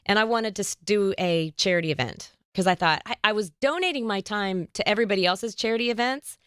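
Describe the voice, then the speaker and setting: A woman hosting an interview podcast, telling stories in a lively, animated way and acting out the voices of the people she quotes. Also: mid-range voice, fast talker, smooth, no echo, clean studio sound. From United States. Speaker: podcast host. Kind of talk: casual interview chat.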